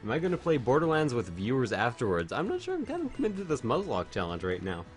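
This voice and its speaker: A man's voice: mid-range voice, huge pitch swings, fast talker, soft background music. A man streaming a video game while drunk, chatting casually, rambling and swearing a lot.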